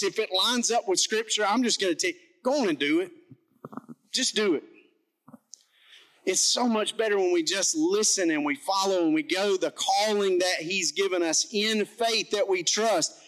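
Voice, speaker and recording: A man preaching a sermon as pastor, telling a story in an animated, self-mocking way. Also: sits high, low-quality recording.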